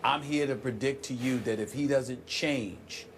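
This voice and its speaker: A man co-hosting a sports debate show in a TV studio, talking forcefully and building emphasis while a little under the weather. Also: medium pitch, unhurried, slight background noise. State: sick, clears throat.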